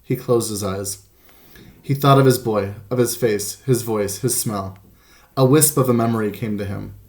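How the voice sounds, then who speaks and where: Guy reading a storybook, slow and gentle, gravelly voice. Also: lowish voice. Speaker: audiobook narrator. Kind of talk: scripted narration.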